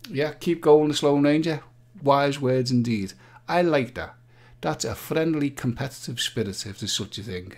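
A man hosting a live-stream vaping quiz, playful and jokey, humming jingles and reading out viewers' answers. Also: medium pitch. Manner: jokey, sings jingles, reads out viewer names. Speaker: livestream quiz host.

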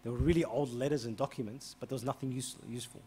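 A man, a priest answering an interview by telling a story, acting out the dialogue and getting louder as it heats up. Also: quick pace, a little hiss or hum. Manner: animated, re-enacts dialogue with rising pitch and volume.

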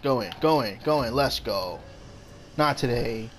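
A man hosting a gaming channel, giving casual commentary on his own play and blurting out quick reactions and short shouts. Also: mid-range voice, lively intonation, slight background noise. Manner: talks to his opponent and himself.

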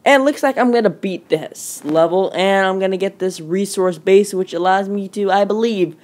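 A woman giving casual, rambling commentary over mobile game footage. She talks quickly and fills her speech with "like" and "um". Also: medium pitch, a little mellow. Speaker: gaming channel host. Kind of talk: gameplay commentary.

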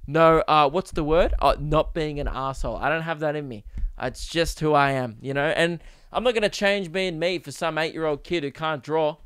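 A young man with a fairly high, clean voice hosts a podcast, rambling deadpan through crude comedic stories with lots of ums and uhs. The clean studio sound has no echo.

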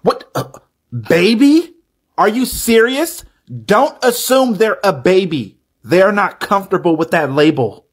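A man in a comedy skit lectures indignantly. His voice sits fairly high and comes out husky. He talks in a slow, deliberate way. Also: lively intonation. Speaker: skit performer.

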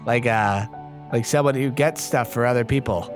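A man's voice: mid-range voice, normal speed, lightly acted. A man voicing a clueless, sweet young boyfriend who stammers and rambles. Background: background music.

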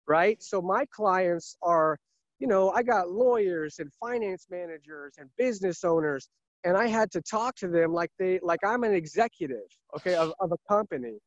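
A man's voice: high-pitched, normal speed, no echo, lo-fi sound. A man who sells cars, talking earnestly and emphatically in a casual interview, often repeating himself. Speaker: car salesman.

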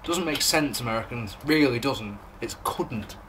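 A man's voice: mid-range voice, animated, measured pace, fairly bright tone, a little hiss or hum. A man with an English accent, recapping and reviewing a wrestling show in a rambling, sarcastic way, swearing and laughing at his own jokes. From England. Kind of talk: casual recap and commentary.

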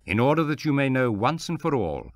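Jesus, calm and measured, read by a man. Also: medium pitch, no room sound, clean studio sound, voice pushed up. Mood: earnest. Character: Jesus, a calm adult male teacher speaking with authority. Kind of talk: scripture reading.

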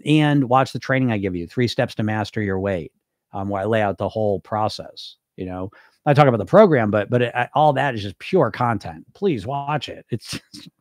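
A man's voice: medium pitch, dry recording, clean studio sound. A man who works as a weight loss hypnosis coach, chatting casually on a livestream, reading viewer comments and swearing now and then.

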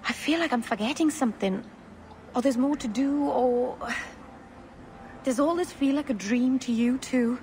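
A woman's voice: high voice, normal speed, long pauses, darkish tone, a little hiss or hum, natural voice. An actress playing a sweet, dreamy young elf woman in a game, speaking in a hesitant, musing way. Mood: wistful.

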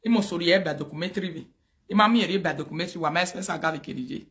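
A man's voice: fairly high pitch, rapid-fire, a bit bright. A Nigerian man hosting a show, talking animatedly in a casual mix of Pidgin and Yoruba, laughing often. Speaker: show host. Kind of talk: casual live-show commentary.

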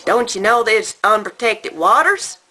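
A woman putting on a Southern American accent to play a blunt, middle-aged family father who loudly warns swimmers. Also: medium pitch, lively intonation, a little slow, voice pushed up. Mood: questioning.

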